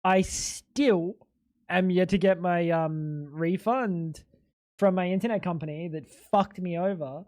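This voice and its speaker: A man's voice: high voice, takes it slowly, darkish tone. Ranting man streaming. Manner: ranting, profane, exasperated. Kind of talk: casual live-stream chat.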